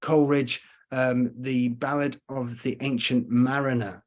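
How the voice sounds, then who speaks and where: A man working as a tour guide, giving a chatty, rambling virtual tour talk over slides with frequent pauses to think. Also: medium pitch, flat delivery.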